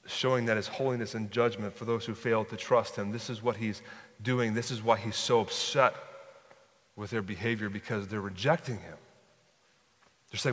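A man's voice: medium pitch, a bit bright. A man preaching a sermon as pastor, conversational and prone to restarting and repeating words. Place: church sanctuary. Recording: long hall reverb.

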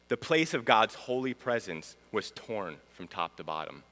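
A man preaching a sermon, swinging between loud proclamation and hushed, solemn passages. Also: medium pitch. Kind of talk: sermon teaching. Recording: long hall reverb.

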